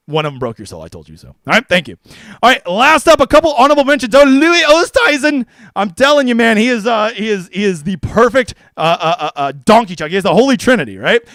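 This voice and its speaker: A man streaming fantasy golf picks in casual livestream commentary, brash and profane, excitable and jokey. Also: high-pitched, no echo. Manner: excitable, with mock voices.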